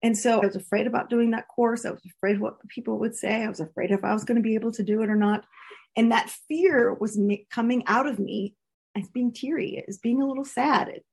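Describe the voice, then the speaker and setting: A woman's voice: fairly high pitch, brisk, vocal fry, darkish tone, breathy edge. A woman coaching listeners in a casual, earnest, candid talk, laughing often. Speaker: coach teaching a course.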